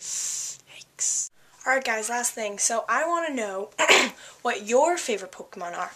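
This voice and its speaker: A woman's voice: fairly high pitch, lively intonation, moderate pace, pushed and bright. A teenage woman vlogger chatting casually to camera, rambling, giggling and joking at her own expense. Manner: giggly, rambling, self-mocking.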